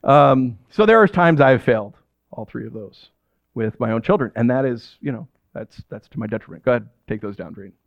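A man preaching a sermon, telling stories about himself in an animated, self-deprecating way. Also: mid-range voice, brisk, creaky, no echo, dull audio. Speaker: pastor.

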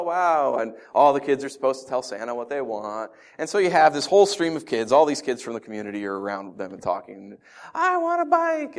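A man preaching a conversational sermon, telling stories and asking his listeners rhetorical questions. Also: mid-range voice. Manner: animated storytelling with rhetorical questions. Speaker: pastor.

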